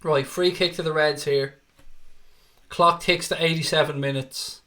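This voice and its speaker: A man's voice: on the high side, steady tone, measured pace, pushed and bright. Irish man hosting a football watchalong. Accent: Irish, Dublin. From Ireland. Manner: chatty, swears freely, reads viewer comments aloud. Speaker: livestream host. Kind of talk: live match watchalong commentary and chat.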